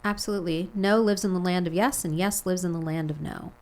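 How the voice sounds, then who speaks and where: A woman hosting a heartfelt podcast interview, guiding her guest through slow, soothing reflections. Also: fairly low pitch, fairly even intonation, a little mellow, rough recording. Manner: slow, soothing guided reflection with long lists. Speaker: podcast host.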